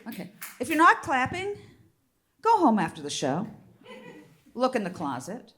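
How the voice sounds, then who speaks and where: A woman's voice: on the high side, huge pitch swings, moderate pace, fairly bright tone. A woman in her fifties doing a stand-up comedy set on a theater stage, brassy and bawdy as she teases the crowd. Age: 50s.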